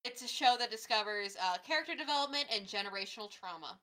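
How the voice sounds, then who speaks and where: A young woman co-hosting a casual podcast chat, excitable and quick to gasp and exclaim. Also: mid-range voice, rough recording. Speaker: podcast co-host.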